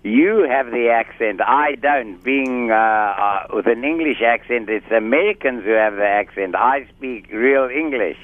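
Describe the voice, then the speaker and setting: A man's voice: medium pitch, a little slow, few pauses, no room sound. A man with a South African accent, a guest doctor in a radio interview, talking in a formal, chatty, self-assured way. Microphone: phone line. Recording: tinny phone line.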